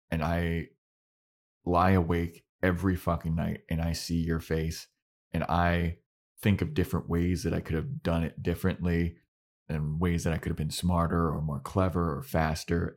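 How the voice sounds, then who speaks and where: A man's voice: medium pitch, pitched above the performer's own voice. A man on a podcast voicing a sarcastic male vampire, swaggering and swearing, while retelling a scene. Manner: swaggering, casual swearing, mock-apologetic. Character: sarcastic male vampire, brash then brooding.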